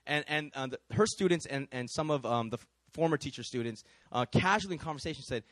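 A man preaching through a personal story, animated, with lots of repeated fillers and laughter. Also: fairly high pitch, fast, few pauses, no room sound. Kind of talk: storytelling sermon.

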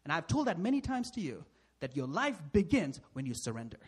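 Brief: husky, high-voiced male pastor, sermon, animated and questioning. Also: fairly quick. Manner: rhetorical questions, frequent "right?", emphatic swings in loudness.

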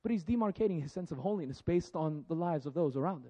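A man's voice: a little high, animated, fast, dark tone. A man preaching a conversational sermon, laughing often and acting out the voices he quotes. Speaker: pastor.

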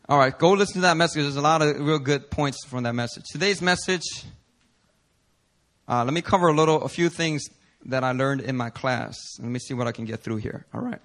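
Bright-voiced, emphatic male preacher. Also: medium pitch, a little fast. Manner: earnest, emphatic, builds intensity with repetition. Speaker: pastor. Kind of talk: sermon.

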